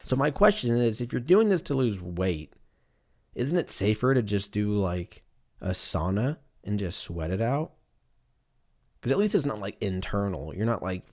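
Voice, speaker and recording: A man's voice: on the low side, a little mellow. A man, hosting a solo podcast in a rambling, profane, jokey way and laughing at his own tangents. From US West Coast. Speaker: podcast host. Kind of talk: casual solo podcast monologue.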